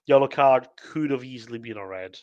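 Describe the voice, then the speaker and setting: A man's voice: mid-range voice, brisk, no echo, lo-fi sound. A man, co-hosting a casual podcast and walking through match moments step by step. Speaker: podcast co-host. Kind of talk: casual sports chat.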